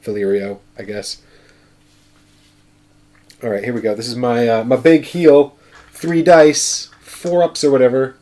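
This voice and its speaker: A man's voice: medium pitch, fairly even intonation, a little slow, pauses often, dark tone. Chatty man talking through a board game. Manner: chatty, thinks aloud, counts moves. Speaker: board game player and show host. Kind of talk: casual solo game playthrough.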